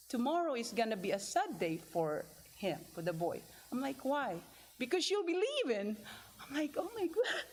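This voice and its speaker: A woman telling a congregation about a mission trip, in an informal, rambling way with many restarts and lively quoted asides. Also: fairly high pitch, a little hiss or hum, rough recording. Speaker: church member sharing a mission trip story. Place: church hall.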